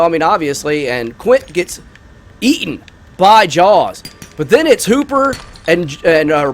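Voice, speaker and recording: A man casually chatting over a video game while retelling a movie plot, rambling and excitable, with lots of fillers. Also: fairly high pitch. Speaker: gaming YouTuber. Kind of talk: casual gameplay commentary with movie review.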